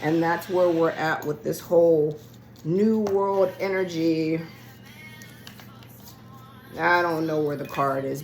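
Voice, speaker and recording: A woman's voice: fairly low pitch, a little mellow, rough recording. A woman giving a casual spiritual card reading, chatty and loose with her words, talking straight to the listener and losing her voice. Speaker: tarot reader. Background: music playing.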